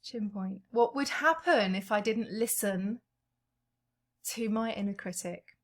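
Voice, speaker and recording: Speaking in a medium pitch, a woman leads a guided EFT tapping session, naming every tapping point in a slow, gentle manner.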